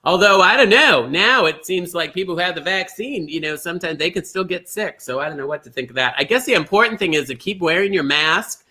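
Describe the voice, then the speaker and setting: Host man, high and very bright voice, gushing and chatty, greets fans one by one. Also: animated, a little fast, hardly any pauses. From Minnesota. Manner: gushing, greets viewers by name. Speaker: bingo show host. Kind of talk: chatty livestream hosting.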